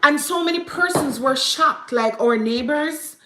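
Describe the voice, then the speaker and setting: Woman, 30s, Jamaican accent, higher register, heartfelt vlog storytelling, echoey room. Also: measured pace, background noise. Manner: heartfelt, tearful, repeats herself, mixes in patois. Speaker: vlogger. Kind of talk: emotional personal storytelling.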